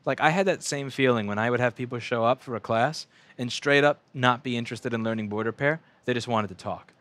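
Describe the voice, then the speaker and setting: An American man in his twenties who owns a repair shop livestreams his bench work, ranting and rambling with plenty of profanity and mocking put-on voices. His medium-pitched voice moves briskly, with no echo.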